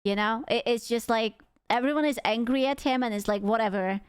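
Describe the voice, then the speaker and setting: A woman's voice: on the high side, a little fast, smooth, no echo. A young woman streamer reacting to videos in casual, blunt, rambling chat.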